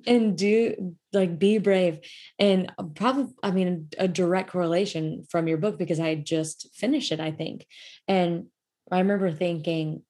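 Young woman host, lower voice, chatty storyteller, laughs a lot, filler-heavy. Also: steady tone, normal speed, warm tone. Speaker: podcast host. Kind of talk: casual storytelling chat.

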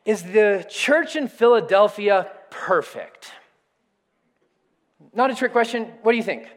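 A high-voiced man preaches in a lively way, his pitch rising and falling widely. He calls on his congregation to say words back to him. The voice rings out through a church hall with long reverb. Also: measured pace. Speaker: pastor. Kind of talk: sermon. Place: church sanctuary.

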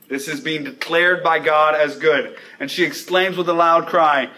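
A young man preaching a sermon, telling youth ministry stories and then rising to loud, emphatic passages on scripture. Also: a little high. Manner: animated preaching, speeds up and slows for emphasis, rises to loud exclamations. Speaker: pastor.

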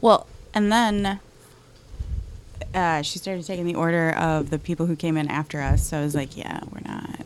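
A woman telling a long casual story in a chatty, animated way with quick asides. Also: low-pitched, slight background noise.

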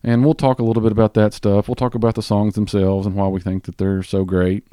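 A man with a Southern US accent hosting a podcast in casual chat, rambling with fillers and restarts and talking a bit fast. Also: lowish voice, flat delivery, dark tone, clear, resonant tone, no echo, studio quality. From Southern US (Tennessee). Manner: talks a bit fast on mic. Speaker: podcast host.

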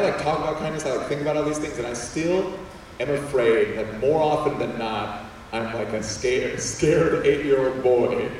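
A man telling a personal story to an audience of students, animated and quick to act out voices, with many restarts. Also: fairly high pitch, slight background noise. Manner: animated, acts out voices, repeats words. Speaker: speaker addressing students. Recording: echoey hall from far off.

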